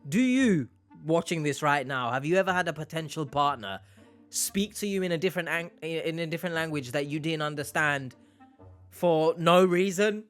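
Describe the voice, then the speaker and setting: A man's voice: a little high, expressive, moderate pace, clean tone, soft background music. A man giving casual, sarcastic reaction commentary with joking asides. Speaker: reaction video host.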